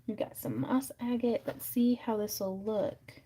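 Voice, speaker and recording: A woman's voice: fairly high pitch, a little slow, mellow, husky. A woman hosting a crafting livestream from her craft room, chatting casually and thinking aloud with lots of fillers as she works. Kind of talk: casual chat while crafting.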